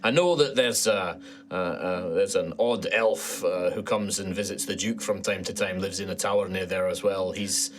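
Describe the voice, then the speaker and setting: A man's voice: deep voice, moderate pace, slight background noise, lightly acted. A man voicing a friendly male dwarven knight on patrol, in a put-on Scottish accent, hearty and rambling. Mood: chatty. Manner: hearty, folksy, rambling with "aye" and "wee".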